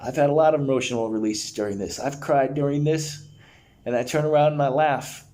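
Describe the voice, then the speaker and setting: Earnest and encouraging, a man guides a breathwork session, talking to listeners casually with plenty of slang. His mid-range voice has a dark tone and moves a little fast.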